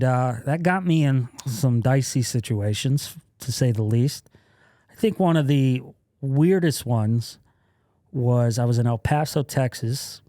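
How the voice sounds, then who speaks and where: A man's voice: mid-range voice, warm tone, no echo, clean studio sound. A man who is a comedian, guest on a podcast, telling stories in casual talk, laughing often and acting out what others said. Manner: laughs often while telling stories, acts out quoted lines.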